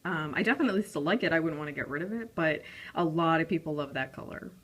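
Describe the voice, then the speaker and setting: A woman's voice: low-pitched, animated, quick pace. A young woman casually reviewing lipstick swatches, chatty and rambling, with frequent ums and apologies. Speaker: beauty vlogger.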